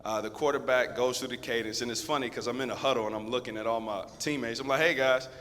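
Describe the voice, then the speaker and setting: A man in his thirties, a guest speaker at a school, telling a lively story straight to the students. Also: mid-range voice, fast. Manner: lively, conversational, addresses the crowd directly. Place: school assembly hall. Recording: long echo of a big hall.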